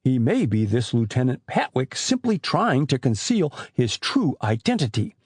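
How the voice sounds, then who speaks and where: A man voicing a sober, level-headed older teenage brother who speaks earnestly and reasons calmly, in an audiobook. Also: medium pitch, moderate pace, husky, dry recording, studio quality.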